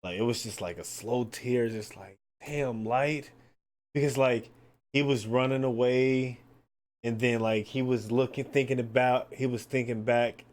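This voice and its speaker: A man hosting his own podcast, chatting casually in a loose, excitable way, swearing freely and filling his talk with "like" and "man". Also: medium pitch, a little slow. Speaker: podcast host. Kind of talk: casual solo podcast chat.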